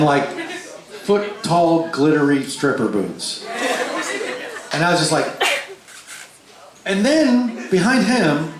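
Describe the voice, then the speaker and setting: A man tells a story from a concert stage, his fairly high voice leaping up and down as he acts out the people in it. He swears freely. The sound is a booming hall with a crowd audible behind him. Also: a little hiss or hum. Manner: animated, swings pitch widely for quoted voices, swears freely. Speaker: stage performer telling a story. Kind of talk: live storytelling between songs. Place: large concert hall before a live crowd. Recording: echoey live hall with crowd.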